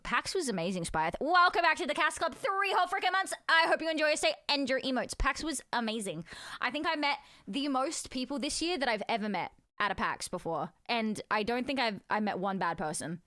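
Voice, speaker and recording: A young woman streams live and chats with her viewers, laughing often and swearing easily. Her voice sits high and swoops up and down a lot. The sound is dry and close, with little room around it. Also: animated, a little fast, sharp tone, dry recording. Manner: giggly, chatty, swears freely. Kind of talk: casual live-stream chat while playing a word game.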